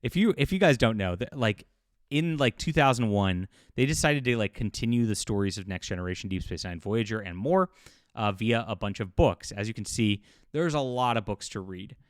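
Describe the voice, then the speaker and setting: A man's voice: on the low side, expressive, moderate pace, clear, resonant tone, dry recording, studio quality. A man hosting a casual commentary channel, rambling with lots of fillers and restarts. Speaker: YouTube host and sci-fi writer.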